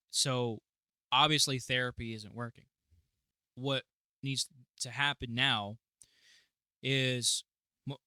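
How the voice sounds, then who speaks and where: Profane, excitable man reacting casually. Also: medium pitch, dry recording, studio quality. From United States. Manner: profane, excitable, laughing often. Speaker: reaction channel host.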